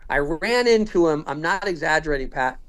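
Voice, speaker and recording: A man in his fifties talks quickly and with energy. He tells his story by voicing each person in it. His voice sits a little high for a man. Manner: animated, acts out quoted dialogue. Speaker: podcast guest. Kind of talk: storytelling in casual conversation.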